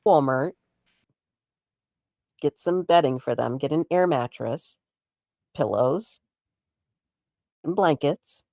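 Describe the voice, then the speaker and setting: A woman's voice: deep voice, slow pace, pauses often, mellow, dry recording. A woman livestreamer chatting casually in a teasing, sing-song, repetitive way.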